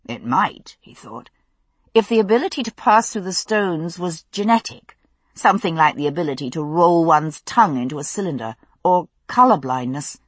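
Husky, expressive female audiobook narrator. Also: fairly low pitch, dry recording. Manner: measured, expressive storytelling.

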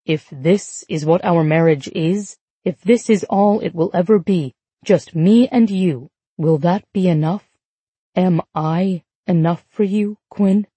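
A wounded husband pleads with his wife, his words slow and strained, as a woman narrator puts him on. The tone is husky and mellow, recorded dry and close for an audiobook. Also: on the low side, no room sound. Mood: pleading.

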